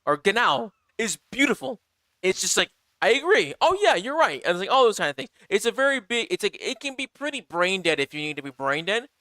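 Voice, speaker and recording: An American man chatting casually on a game live stream, rambling and animated, with lots of fillers and restarts. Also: high voice, fairly quick, no room sound. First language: English.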